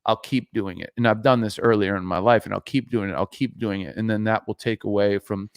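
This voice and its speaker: A man co-hosting a podcast, talking in a rambling, halting way. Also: lowish voice, steady tone, dry recording, clean studio sound. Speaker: podcast co-host. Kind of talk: casual chat.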